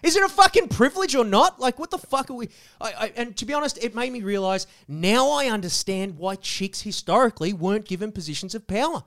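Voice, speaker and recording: Man putting on a ranting host, crude, mock-outraged, high voice. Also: expressive, brisk, a bit bright. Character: loud foul-mouthed male segment host with a grudge.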